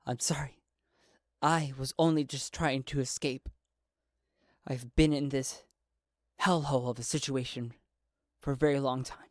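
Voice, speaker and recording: A man's voice: mid-range voice, fairly even intonation, unhurried, long pauses, dry recording, studio quality, natural voice. A man voicing a scared, stammering woman accountant. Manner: nervous, stammering. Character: frightened woman in late thirties, military accountant.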